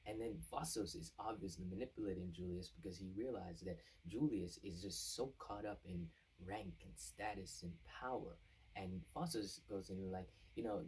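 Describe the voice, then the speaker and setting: A man's voice: low voice, normal speed, a little mellow, slightly rough, far from the mic, poor audio. A man casually recapping an anime plot as a reviewer, rambling and acting out the characters' lines. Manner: rambling, with many fillers and restarts, acting out quotes.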